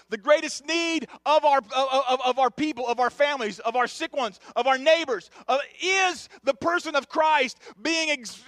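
High, bright-voiced impassioned male preacher. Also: no echo. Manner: impassioned preaching, rising to shouts with repeated phrases. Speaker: pastor. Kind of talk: sermon. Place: church sanctuary.

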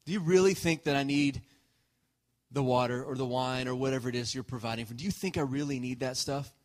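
A man voicing a gentle patient teacher. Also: medium pitch, a little fast, lightly acted. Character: gentle patient male teacher, calm and kind.

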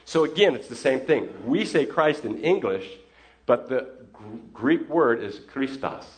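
A man's voice: mid-range voice, lively intonation, measured pace. A man, a pastor, teaching a congregation in a conversational sermon, often putting questions to his listeners. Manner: conversational, asks the audience questions.

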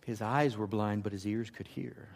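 A man preaching a sermon, swinging from loud emphatic lines to hushed, intimate ones. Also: lowish voice, steady tone, normal speed, creaky. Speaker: pastor.

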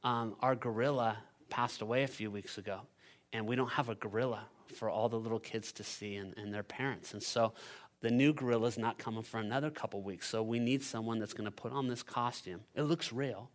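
A man voicing a zoo manager in a sermon story, low and subdued as he explains the job. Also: brisk, lightly acted. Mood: explaining. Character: matter-of-fact male zoo manager.

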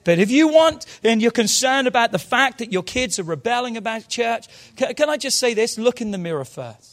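A man preaching a sermon in a church service, moving fervently from quiet low asides to loud shouted calls. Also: expressive, brisk. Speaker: pastor.

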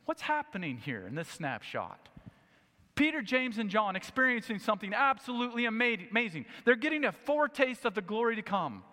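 Casting: male preacher, high and bright voice, animated storytelling sermon, long hall reverb. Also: brisk. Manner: animated, acts out the scriptures.

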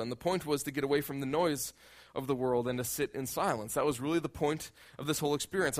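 Man preaching a conversational sermon. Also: mid-range voice. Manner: conversational, repeats words when building a point. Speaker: pastor.

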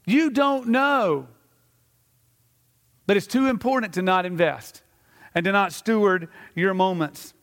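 A middle-aged man preaches from the pulpit, his voice sitting high for a man. He tells stories animatedly, acting out little scenes as he goes. The sound carries a long reverberant tail from the sanctuary. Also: a little slow, long pauses, a bit bright. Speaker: pastor. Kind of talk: sermon. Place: church sanctuary.

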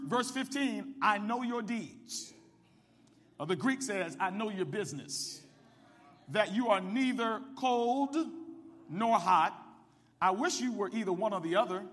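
A male pastor preaching a sermon from the pulpit, calling on the congregation to answer back and building up to shouts. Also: high-pitched, big-room sound. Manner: call-and-response preaching, rising to shouts. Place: church sanctuary. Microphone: microphone with ring.

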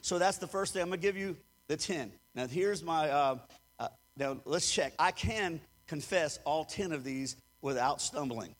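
A man's voice: a little high, normal speed. A man preaching a sermon as pastor, speaking emphatically and leading the congregation in repeated declarations. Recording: long hall reverb.

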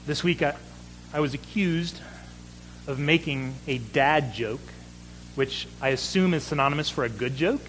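A man's voice: fairly high pitch, normal speed, fairly bright tone, poor audio. Man in his thirties delivering a sermon, earnest, builds emphasis, faint background hum. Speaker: pastor.

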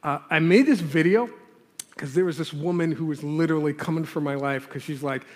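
A man's voice: on the high side, normal speed. A male pastor preaching a sermon in a conversational, earnest way, pressing hard on key words. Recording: long hall reverb.

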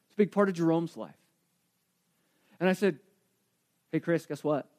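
Guy pastor preaching, high voice, storytelling then going real quiet for emphasis. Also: moderate pace. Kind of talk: sermon.

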